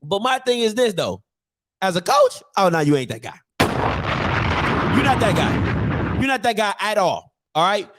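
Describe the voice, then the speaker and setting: A man hosting a sports commentary show, talking in a joking, animated way and repeating phrases for emphasis. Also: high voice, a little slow, pauses often, very noisy. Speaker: show host.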